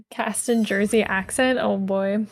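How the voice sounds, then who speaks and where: Female co-caster, slow relaxed delivery, casual chat over the match. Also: medium pitch, slightly rough. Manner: relaxed, many "um" fillers, easygoing. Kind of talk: esports commentary chat.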